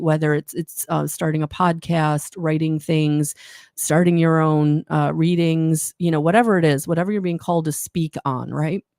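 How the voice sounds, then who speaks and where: Her voice is deep and a little mellow, captured at studio quality without any room sound. She's an intuitive card reader in a live oracle session, wandering through encouraging remarks and often correcting herself partway through sentences.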